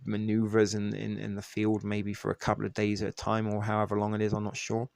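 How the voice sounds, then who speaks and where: A man with a low, gravelly voice hosts a casual live stream and chats loosely with his viewers. His delivery stays flat, with little lift. It is full of fillers and restarts, and the sound is close and dry. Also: a little fast, dry recording. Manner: rambling and loose, many fillers and restarts, mild swearing. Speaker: livestream host. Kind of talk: casual live-stream chat, reading and answering viewer comments.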